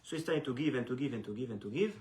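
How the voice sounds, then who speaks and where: A man, a rabbi teaching a class, who tells a story in an animated, repetitive way with frequent restarts. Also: mid-range voice, very fast. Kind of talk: storytelling lesson. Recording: echoey room.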